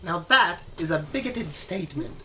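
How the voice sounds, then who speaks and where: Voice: medium pitch, lively intonation, normal speed, distant mic, background noise, close to an everyday voice. A player voicing a pompous, eccentric academic professor who lectures in a lofty tone. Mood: lecturing.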